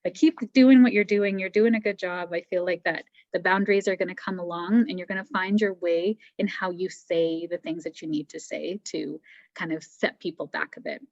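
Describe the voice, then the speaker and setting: A woman giving gentle, encouraging intuitive readings to listeners, thinking aloud as she goes. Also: lowish voice, steady tone, normal speed, no echo, muffled recording. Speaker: psychic medium guest.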